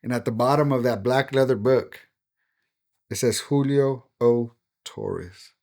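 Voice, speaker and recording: A middle-aged man, a pastor, giving a personal testimony in conversation, earnest and emotional, dropping to a hush on painful moments. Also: medium pitch, measured pace, creaky. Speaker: pastor and podcast guest.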